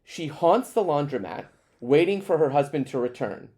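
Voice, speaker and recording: Animated man telling a story on a podcast. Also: fairly high pitch, normal speed. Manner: animated storyteller, frequent fillers. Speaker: podcast guest. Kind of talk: casual chat.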